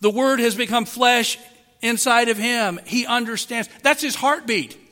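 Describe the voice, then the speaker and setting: A man with a high, bright voice delivers an emphatic sermon, pausing to ask the congregation questions. His words ring out through a large, reverberant hall. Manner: emphatic preaching with rhetorical questions to the listeners. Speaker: pastor.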